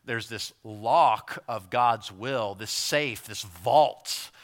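A pastor with a medium-pitched voice preaches a sermon conversationally, repeating words as he goes and acting out quick asides.

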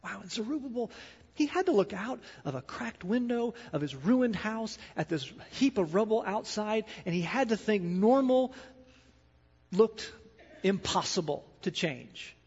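A male pastor preaching a sermon, swinging between loud emphatic declarations and hushed asides to the congregation in a church sanctuary. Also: sits high, lively intonation, a little slow, slightly rough. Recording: dull sound with long hall reverb.

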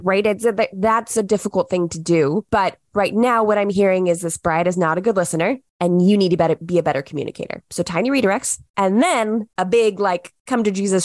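A young woman hosting a podcast, giving casual advice in an animated way and acting out what she tells her clients. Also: mid-range voice, fairly quick, no room sound, studio quality. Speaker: podcast host, wedding planner.

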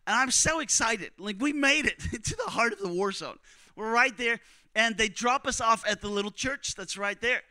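A man preaching, telling a story in a conversational, animated way and acting out what others said. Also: extremely high pitch, normal speed, no echo. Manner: animated, conversational, acts out quotes. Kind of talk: sermon storytelling.

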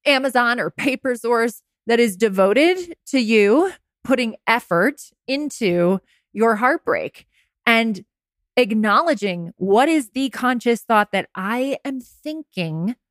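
Candid woman coach, bright dry voice. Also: dry recording. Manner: candid, swears, laughs at herself, acts out quotes in a high voice. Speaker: heartbreak coach, podcast host. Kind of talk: casual coaching podcast monologue.

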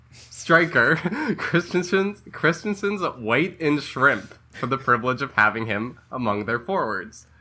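A podcast host reading odd news stories aloud. His voice is bright and forward, at a middle pitch. He keeps breaking into laughter between lines. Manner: reads aloud with laughing asides. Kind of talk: casual comedic podcast chat.

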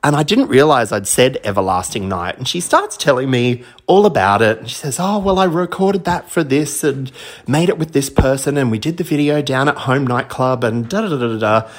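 A man's voice: mid-range voice, animated, a little fast. A man from Australia, a DJ, telling a self-deprecating anecdote in a chatty recorded message. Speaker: DJ sending in a story.

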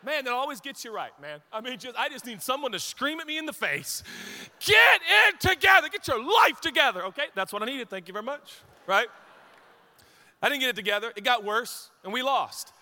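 This brisk, extremely high-pitched man sounds like he's in a large hall, preaching a sermon in a church sanctuary. The Washington state pastor pokes fun at himself, joking through lively anecdotes.

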